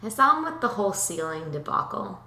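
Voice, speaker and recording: A young woman co-hosting a casual chat, telling stories in an animated, chatty way. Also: medium pitch, a little fast. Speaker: podcast co-host. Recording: roomy echo.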